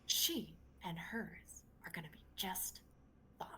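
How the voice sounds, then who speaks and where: A woman voicing a mean, sharp-tongued old grandmother who talks down mockingly and with slow menace. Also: medium pitch. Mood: menacing. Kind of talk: fan reading of a story with voices.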